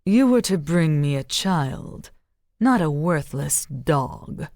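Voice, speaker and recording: A woman's voice: deep voice, animated, slow, darkish tone, no room sound, clean studio sound, full character voice. A woman voicing a towering she-devil queen who speaks with cold contempt. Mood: contemptuous.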